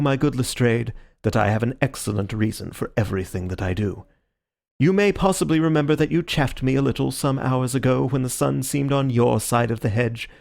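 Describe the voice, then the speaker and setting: A man voicing a calm, theatrical gentleman detective with a measured, courteous manner, in an audiobook reading. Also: medium pitch, vocal fry, natural voice.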